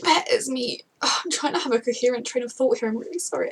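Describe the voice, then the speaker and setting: A woman records a casual reaction vlog close to her camera. Her fairly high voice carries a husky, breathy grain. She rambles emotionally and keeps breaking off mid-sentence before pushing on. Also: fairly quick, rough recording. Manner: rambling, emotional, self-interrupting. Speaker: TV show reactor.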